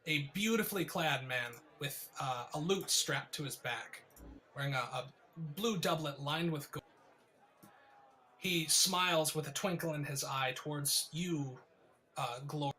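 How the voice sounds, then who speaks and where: A man narrating a tabletop game as game master, in vivid, descriptive narration with filler pauses. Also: fairly high pitch, pushed and bright.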